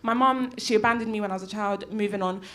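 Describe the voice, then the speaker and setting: A woman's voice: medium pitch, fairly even intonation, fast, a bit bright. A young woman telling a rambling, giggly stand-up story on a comedy club stage. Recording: crowd laughter from a live audience. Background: audience laughing.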